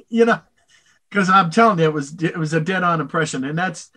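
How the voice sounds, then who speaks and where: An older man, a voice actor, answering interview questions in a rambling, animated way, slipping into voices. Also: a little high, quick pace. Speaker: voice actor guest.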